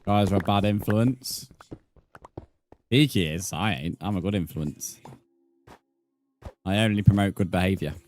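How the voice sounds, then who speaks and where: A man's voice: sits low, a little slow, pauses often, darkish tone, a little hiss or hum. A young British man chatting casually with viewers on a live gaming stream, bantering and calling people mate. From Britain. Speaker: livestream gamer.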